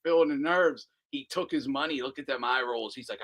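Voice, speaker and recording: A man's voice: mid-range voice, brisk, fairly bright tone. A man hosting a casual live commentary stream, profane and mocking, laughing often. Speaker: host.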